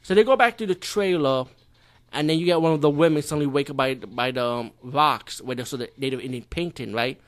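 A young man ranting in a profane, exasperated movie review, swinging from loud incredulous outbursts to low muttering. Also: fairly quick.

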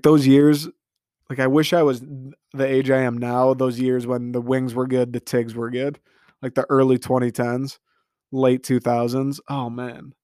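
Young male sports host, solo rant, fed-up and cursing, mid-pitched voice, dry close mic. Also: a little mellow, no room sound. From Detroit area, Michigan. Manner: frustrated, profane, rambling.

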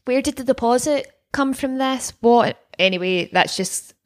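A woman's voice: fairly high pitch, a little slow. Wry woman recapping a show. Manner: chatty, wry, laughs often. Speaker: podcast co-host. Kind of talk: casual recap chat.

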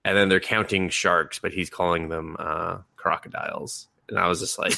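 A man co-hosting a podcast talks in loose, rambling chat, laughing and swearing freely. His voice sits very low with a gravelly fry, yet the tone is bright and forceful. The sound is dry and close, with no room around it. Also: fairly even intonation, normal speed, hardly any pauses, no room sound. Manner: rambling, laughing, profane, mimics people mid-story. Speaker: podcast co-host. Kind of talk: casual chat.

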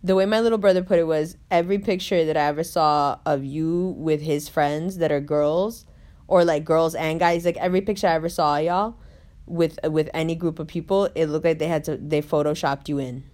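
A woman telling a story in casual chat, animated and full of swearing. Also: low voice, a little fast.

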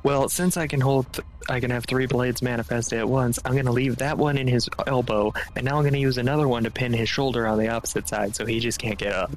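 A man's voice: medium pitch, fairly even intonation, fast, faint music behind. A man playing in a tabletop role-playing game, explaining his character's moves plainly. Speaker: player.

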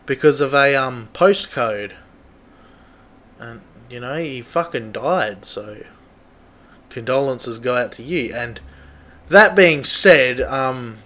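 A man's voice: mid-range voice, a bit bright. A young man, ranting casually and profanely as a podcast host, rambling with many restarts. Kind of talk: casual rant.

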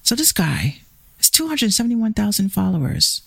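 A woman's voice: mid-range voice, big pitch swings, moderate pace, creaky, a bit bright, no room sound. A woman with a Bronx accent hosting her show, ranting with heated, profane, confrontational energy. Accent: Bronx New York. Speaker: show host. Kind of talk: ranting commentary vlog.

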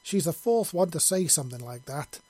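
A man's voice: on the high side, animated, normal speed, mellow, dry recording. A man voicing a possessive, jealous alien who snarls and growls, in a storybook reading.

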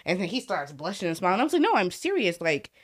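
A woman's voice: on the low side, big pitch swings, fast talker. A young woman telling stories from her school job on a podcast, swearing freely and acting out the kids' voices. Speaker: podcast co-host, school staff. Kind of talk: casual storytelling chat.

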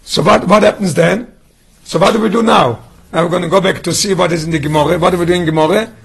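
A man's voice: sits high, fast, gravelly, a little hiss or hum. A man teaching a Torah study class, often asking the students questions and restarting his phrases.

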